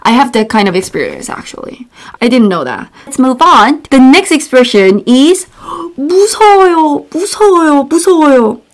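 A woman with a Korean accent, teaching a casual online language lesson, bubbly and repeating words slowly for learners. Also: on the high side, very animated.

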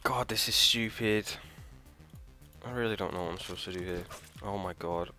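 A man hosting a let's play, thinking aloud, trailing off, swearing and shouting in frustration as he plays. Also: low-pitched, normal speed, faint music behind. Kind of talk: live gameplay commentary.

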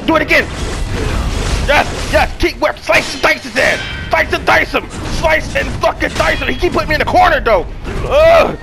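A man, hosting a gaming channel and yelling, cursing and cheering through live gameplay commentary. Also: very high voice, normal speed, gravelly, music in the background. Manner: loud, cursing, shouting at the game.

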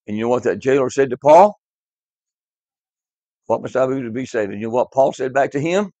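A man's voice: mid-range voice, lively intonation, fairly quick, warm tone, no echo. A man teaching a class Bible lesson, emphatic and repetitive, quizzing his students in a classroom. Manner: emphatic, repeats key words, quizzes the class. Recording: dull lo-fi, dry.

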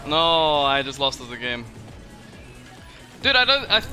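A man's voice: on the high side, big pitch swings, slow pace, bright, forceful tone, faint music behind. A man streaming a game, laughing in exasperation after a loss.

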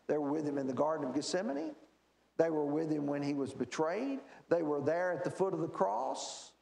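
A man's voice: fairly high pitch, very animated, moderate pace, creaky, mellow. A man teaching a Bible class in a church, explaining verses and asking the class rhetorical questions. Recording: echoey church room.

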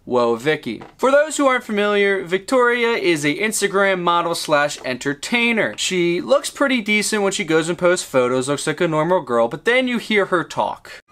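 A man's voice: high-pitched, animated, moderate pace, few pauses, a bit bright. A man hosting a commentary video, mocking and profane, sounding exasperated. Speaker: commentary host. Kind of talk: sarcastic commentary.

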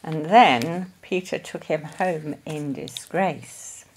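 A woman reading a children's story aloud in a gentle, deliberate storytelling manner. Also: low-pitched, breathy edge. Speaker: storybook reader.

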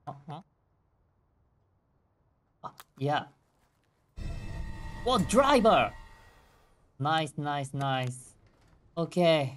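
A woman game streamer giving live gameplay commentary with excitable reactions, switching between Japanese and English. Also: sits low, a little hiss or hum.

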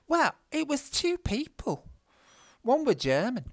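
Talking slowly in an extremely high voice with huge pitch swings, a Northern English gaming vlogger spins a story mid-game, swearing liberally in a casual chat. The recording has no echo.

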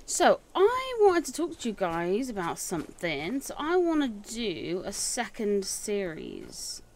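A woman doing casual let's play commentary on a game, excitable and thinking aloud with frequent exclamations. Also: medium pitch, takes it slowly, slight background noise.

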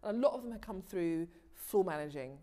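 A woman, a TV director, telling animated stories about her career as an interview guest, often restarting her sentences and laughing easily. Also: on the low side, a little fast. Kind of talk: casual interview storytelling.

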